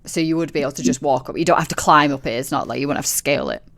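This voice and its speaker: A woman's voice: deep voice, lively intonation, rapid-fire, vocal fry. A woman narrating as game master of a tabletop game, chatty and playful, with lots of fillers and laughs.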